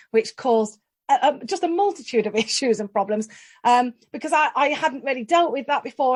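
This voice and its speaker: A woman in her forties, a guest in an interview, telling lively stories with self-deprecating humour and frequent laughs. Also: fairly high pitch. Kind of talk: interview storytelling.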